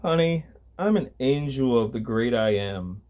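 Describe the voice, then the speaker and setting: A man voicing a calm, stern archangel who speaks with lofty composure in a storybook reading. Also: medium pitch, unhurried, natural voice. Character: archangel Gabriel, calm stern male angel.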